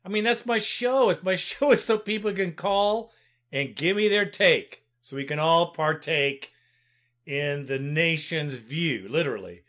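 A man's voice: a little high, fairly bright tone. A man hosting a sports call-in radio show, speaking in a friendly, chummy way to his callers. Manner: friendly, chummy, calls listeners brother.

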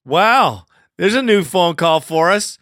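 A man hosting a fan call-in show, animated and fired up, swearing freely. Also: high-pitched, slow, no echo, studio quality. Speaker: host.

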